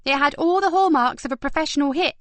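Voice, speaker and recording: Woman reading as a young female detective, earnest, brisk, raised pitch, dry close sound. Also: no room sound, lightly acted.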